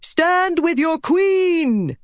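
A woman voicing a young queen who shouts commands to rally her soldiers in battle. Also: fairly low pitch, measured pace, dry recording.

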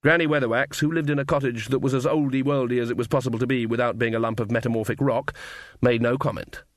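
A man's voice: medium pitch, fairly even intonation, quick pace, no room sound. A man narrating an audiobook in a wry, dry manner. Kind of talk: scripted narration.

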